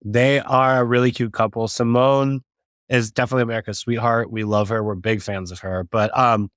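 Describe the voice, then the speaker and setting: A man in casual chat, relaxed and tentative with many fillers. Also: medium pitch, a little fast, dry recording, clean studio sound.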